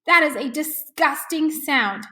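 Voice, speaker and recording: A woman's voice: sits high, animated, unhurried, pushed and bright, heavily acted. Woman doing a snide teasing big sister. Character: mocking bossy big sister, snippy.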